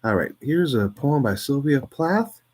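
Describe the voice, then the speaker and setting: A man's voice: mid-range voice, expressive, a little slow, a little mellow. A man on a solo stream, reading poems aloud with wry, self-mocking asides that sometimes drop to near-whispers.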